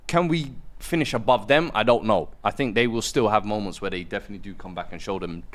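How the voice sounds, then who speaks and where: A man's voice: lowish voice, quick pace. A man on a football podcast panel, chatting casually and hedging with phrases like "if you like". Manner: hedges with "if you like" and "really and truly". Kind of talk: casual chat.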